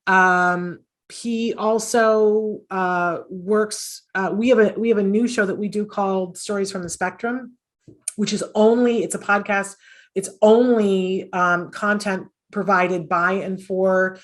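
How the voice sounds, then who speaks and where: A woman's voice: mid-range voice, fairly even intonation, slow. A middle-aged woman talking earnestly as an interview guest, with many fillers and restarts. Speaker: podcast host and autism mom, guest. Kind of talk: conversational interview storytelling.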